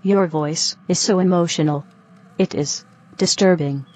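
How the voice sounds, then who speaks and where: An actress playing a female robot who speaks in a flat, formal, stilted way. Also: fairly low pitch, a little slow. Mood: stiff. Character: stiff female robot leaving her partner.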